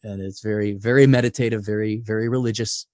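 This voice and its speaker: A man's voice: fairly even intonation, quick pace, no echo. Brash, profane man, dry sound. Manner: brash and profane, swings loud then low. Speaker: podcast guest. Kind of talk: blunt conversational interview.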